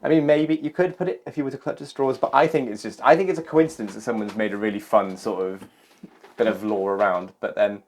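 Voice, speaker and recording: A man co-hosting a podcast in casual chat, measured and hedging as he thinks aloud. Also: lowish voice, fairly even intonation, darkish tone. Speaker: podcast co-host.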